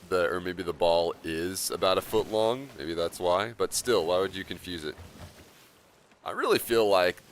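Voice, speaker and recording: Deep-voiced man streaming casually. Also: a little hiss or hum. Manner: relaxed and rambling, chuckles often. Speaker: game streamer. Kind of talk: casual livestream commentary.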